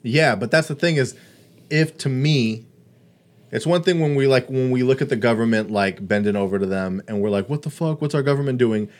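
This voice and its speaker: A man's voice: mid-range voice, a little fast, darkish tone. A man in casual podcast chat, rambling, with lots of restarts and "like". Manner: rambling, restarts, heavy use of "like".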